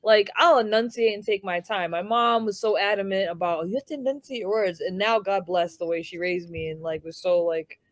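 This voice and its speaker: A woman's voice: medium pitch, brisk, few pauses, dry recording. A woman with a Rhode Island accent, a boxer and actor talking bluntly in a casual interview. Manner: blunt and salty, curses freely. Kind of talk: casual chat.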